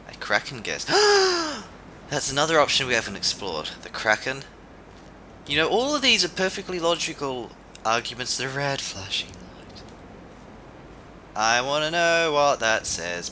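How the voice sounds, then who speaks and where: Goofy rambling young gaming commentator. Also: male voice, medium pitch, sing-song, normal speed, sharp tone, slight background noise. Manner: silly, rambling, bursts of gasps and mock voices. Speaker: let's play commentator.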